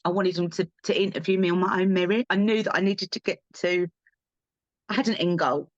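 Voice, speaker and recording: A woman's voice: fairly low pitch, fairly even intonation, fairly quick, no echo, dull audio. A young adult woman from England, speaking as a podcast guest in candid interview talk, earnest and driven, repeating herself for emphasis.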